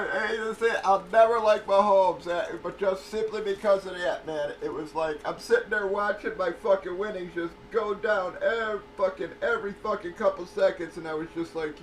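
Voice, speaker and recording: A man with a fairly high voice hosts a livestream, talking loosely and swearing a lot, often breaking into laughter. He sits a little back from the mic, and a faint hiss runs under his voice. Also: distant mic, poor audio. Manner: profane, rambling, laughs often. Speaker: livestream host of card breaks. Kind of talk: casual livestream chat. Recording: voice a bit off-mic with faint noise.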